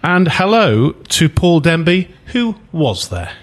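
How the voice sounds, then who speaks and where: A man hosting a casual football chat, asking lively rhetorical questions. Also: a little high, takes it slowly. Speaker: podcast host.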